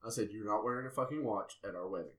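A young man, a podcast guest about to marry, telling profane, animated stories in casual chat and quoting others in put-on voices. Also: lowish voice, very fast. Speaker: podcast guest, engaged groom.

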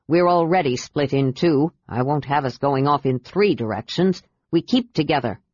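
A steady male half-elf leader speaks in measured, firm tones, voiced by a woman narrator. It is low and dry, in a dull recording. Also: breathy edge, no echo.

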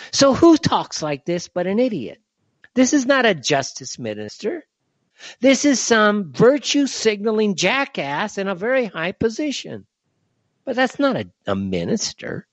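A man hosts a solo commentary show and rants indignantly, firing off one rhetorical question after another. His voice sits fairly high and swings a lot in pitch. The recording is dry and dull, with a lo-fi sound. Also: dry recording. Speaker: show host.

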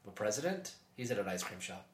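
A man's voice: on the low side, big pitch swings, echoey room, slight background noise. A man co-hosting a podcast in casual chat, joking and cutting in on his co-host. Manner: quick, joking, talks over his co-host.

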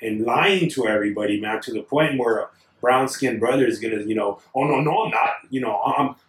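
A man in casual conversation, talking haltingly and earnestly with many fillers. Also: mid-range voice. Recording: echoey room, distant mic.

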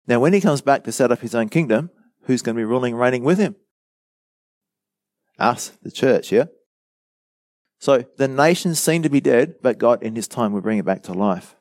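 A man's voice: mid-range voice, expressive, normal speed, pauses often, darkish tone, no room sound. A man preaching a Bible teaching sermon, earnestly explaining verses, quoting commentators and asking the listeners questions. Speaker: pastor.

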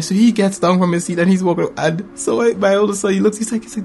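A man in his thirties telling family stories in a casual chat, lively and acting out voices with laughter. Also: quick pace, vocal fry, hardly any pauses, soft background music. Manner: animated storyteller, acts out voices with big pitch jumps and laughter.

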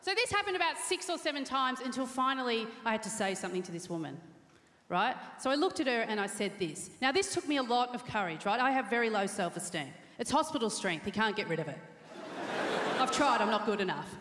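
A high-voiced woman performs self-deprecating stand-up comedy with a very lively, swooping delivery. She slips into the voices of other people as she tells her stories. The sound is roomy, as in a large theatre, with a long reverb tail and a faint audience behind her. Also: fairly quick. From Australia. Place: large theatre stage before a live audience.

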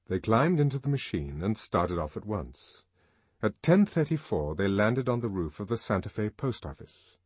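A man narrating a novel in a measured, expressive audiobook reading. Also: fairly low pitch, husky, dry recording. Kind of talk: scripted narration.

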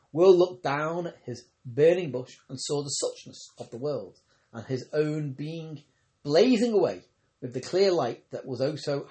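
A man's voice: on the high side, darkish tone. Man reading aloud, stumbling now and then. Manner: reads with occasional stumbles and self-corrections. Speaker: audiobook reader. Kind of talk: scripted narration.

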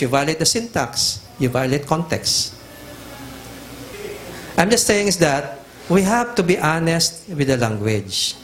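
A man's voice: a little high, a little hiss or hum. A middle-aged Filipino man preaching a teaching sermon, emphatic and repetitive, switching back and forth between languages. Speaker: pastor.

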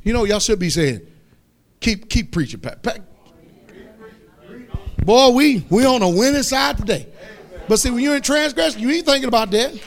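A pastor preaching a fiery sermon, stretching out scripture in slow shouts and questioning his congregation. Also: very high-pitched, expressive, gravelly.

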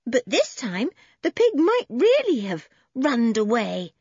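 Gentle young girl, coaxing, high and soft, as a woman voices her, muffled recording. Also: huge pitch swings, slow pace, breathy edge, no echo, full character voice.

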